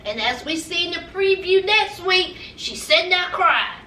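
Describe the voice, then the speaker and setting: A woman's voice: extremely high pitch, expressive, normal speed, bright, forceful tone, a little hiss or hum. A woman giving a sassy, gossipy recap of a reality show, acting out the cast's lines. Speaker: recap vlogger. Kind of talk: casual TV recap commentary. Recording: echoey room, mic at a distance.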